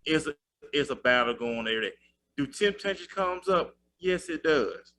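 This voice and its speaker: A man's voice: on the high side, animated, normal speed, pushed and bright, a little hiss or hum. A man hosting a casual faith talk show, conversational and quoting scripture.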